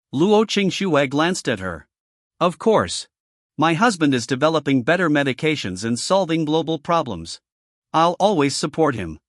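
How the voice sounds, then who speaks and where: A man with a slightly high, lively voice narrates a story recap, voicing every character's lines without changing his voice. The recording is dry and close, with no room sound. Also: normal speed, dry recording.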